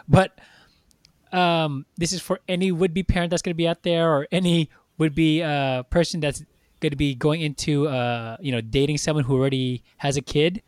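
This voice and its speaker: Casting: male podcast co-host, loud profane rant, dry close sound. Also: fairly high pitch, normal speed, no room sound. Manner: animated, profane ranting. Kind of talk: casual chat.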